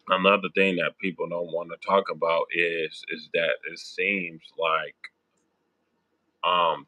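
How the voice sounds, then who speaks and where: A man's voice: low-pitched, flat delivery, unhurried, sharp tone, dry recording, low-quality recording. A man hosting a casual sports talk show, giving blunt, emphatic opinions and stumbling over names now and then. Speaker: sports podcast host.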